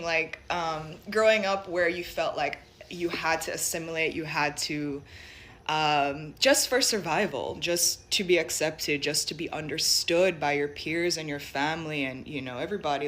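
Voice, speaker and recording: A woman's voice: deep voice, normal speed, a bit bright. Woman with a light Jamaican accent. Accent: light Jamaican mixed with American. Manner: thoughtful, many fillers and restarts. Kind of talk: personal reflective monologue.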